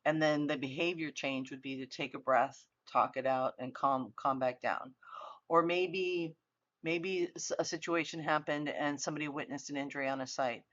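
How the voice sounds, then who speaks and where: A woman's voice: deep voice, fairly even intonation, normal speed, a bit bright, no echo. Earnest woman lecturing, dull recording. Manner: earnest, conversational, many restarts. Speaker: university lecturer.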